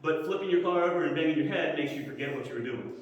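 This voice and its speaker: A man preaching a Sunday school lesson, telling a personal story in an animated way and acting out the lines he quotes. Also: a little high, fast talker, highs cut off. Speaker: pastor teaching Sunday school. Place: church hall. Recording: echoey hall, mic at a distance.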